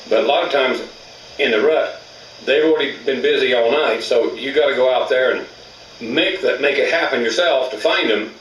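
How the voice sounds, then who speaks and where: A man's voice: medium pitch, a bit bright, roomy sound, recorded from a distance, slight background noise, poor audio. A man teaching elk calling in a plainspoken, folksy way, with rural grammar. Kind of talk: outdoor hunting instruction.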